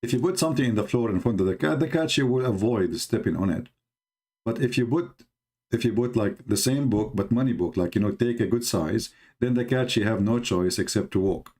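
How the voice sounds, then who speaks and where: A man's voice: mid-range voice, darkish tone. A man from the Middle East, a native Arabic speaker, hosting a live stream and mocking a video with rhetorical questions in broken English. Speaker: host of a religious debate live stream. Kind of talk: sarcastic live commentary on a video.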